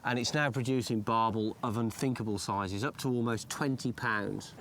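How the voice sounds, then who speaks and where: Matey angler presenting outdoors. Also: male voice, medium pitch, fairly even intonation, moderate pace, a bit bright, slight background noise. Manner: matey, encouraging. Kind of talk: fishing show presenting. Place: outdoors by a lake and river.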